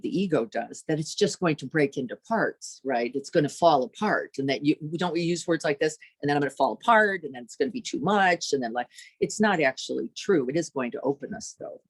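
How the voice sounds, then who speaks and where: A woman meditation teacher giving a dharma talk, lively and searching, tossing rhetorical questions to her listeners and acting out inner voices. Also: very deep voice, slightly rough, no echo.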